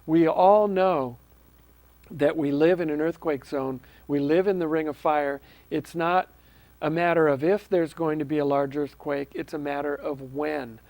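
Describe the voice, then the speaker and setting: Seorang pria memandu acara TV komunitas lokal, berbicara santai tanpa naskah, dengan nada sungguh-sungguh dan banyak "um" serta ulangan kata. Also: male voice, a little high, steady tone, unhurried, a little mellow, no echo. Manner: earnest, with frequent ums and restarts. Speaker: host of a local access TV show. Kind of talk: casual unscripted talk to camera.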